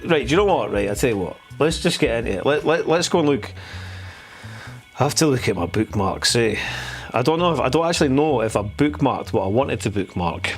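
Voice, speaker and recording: A male live-show host with an Edinburgh Scottish accent. He rambles and jokes sardonically, tripping over restarts and fillers. Faint music plays underneath his voice. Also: medium pitch. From Edinburgh, Scotland. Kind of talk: casual live-stream talk.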